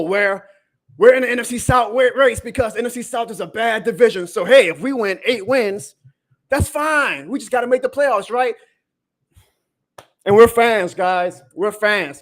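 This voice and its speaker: A man hosting a sports podcast, ranting emphatically and profanely to his listeners. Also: sits high. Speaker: podcast host.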